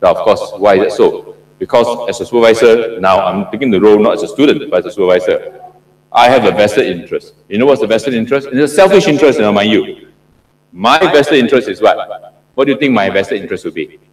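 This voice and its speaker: This middle-aged man from Singapore, a professor, moves at a quick pace in a lowish voice during an interactive lecture on PhD supervision. He frequently quizzes the audience and repeats himself to drive points home. The mic is distant, and the hall sounds roomy and echoey.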